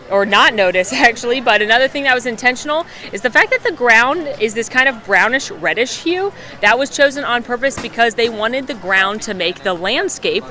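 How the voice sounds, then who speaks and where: A woman's voice: mid-range voice, sharp tone. Chatty upbeat woman touring outdoors. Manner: chatty and upbeat, jokes and corrects herself. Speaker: vlog host and theme park guide. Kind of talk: casual walking tour vlog. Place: outdoors at a theme park. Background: music.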